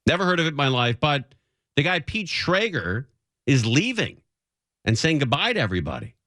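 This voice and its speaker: A man's voice: a little high, normal speed, no room sound, studio quality. A man hosting a radio talk show, teasing and joking dryly with his co-hosts. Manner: wry, teasing deadpan jokes. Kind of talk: casual on-air banter.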